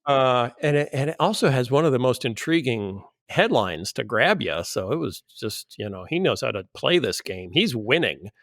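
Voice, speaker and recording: A man's voice: medium pitch, very animated, normal speed, few pauses, fairly bright tone, dry recording, studio quality. A man hosting a casual podcast panel, teasing his co-hosts with a wry humor and reading quoted passages aloud with emphasis. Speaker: podcast host.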